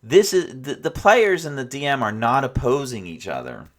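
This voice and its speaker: A man talks through his tabletop campaign in a loose, rambling way, circling back and restarting his sentences. His pitch rises and falls a lot as he goes. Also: sing-song, normal speed. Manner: rambling, with many restarts and asides. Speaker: dungeon master reflecting on his game. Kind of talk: casual spoken reflection.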